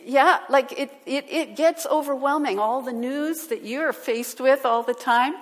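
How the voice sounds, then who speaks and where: Slow-speaking woman preacher in a reverberant hall. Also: high-pitched. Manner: animated, asks the audience questions. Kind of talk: sermon.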